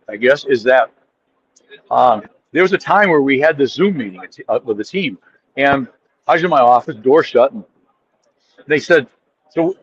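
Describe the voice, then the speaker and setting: A podcast guest with a mid-range voice and clipped highs tells stories in a casual chat. He's an animated storyteller who acts out quotes and keeps restarting his sentences.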